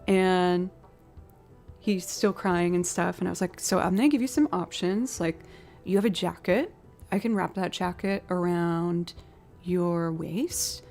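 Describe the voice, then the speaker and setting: Chatty woman streamer, low voice. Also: vocal fry, a little mellow. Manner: chatty storytelling, reads out donations. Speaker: streamer and musician. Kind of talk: casual live-stream chat.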